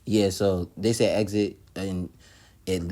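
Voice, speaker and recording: A man's voice: deep voice, flat delivery, takes it slowly, warm tone. A man casually recapping a reality show episode, swearing freely, laughing often and acting out what the cast said. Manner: profane, laughs often, acts out quotes. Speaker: TV episode reviewer.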